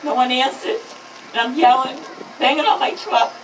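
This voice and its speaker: A woman in her fifties, a grieving mother, giving an impassioned public speech at a rally. She is emphatic, repeats slogans and her voice rises toward shouts. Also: high voice, normal speed, echoey room, distant mic, slight background noise, poor audio.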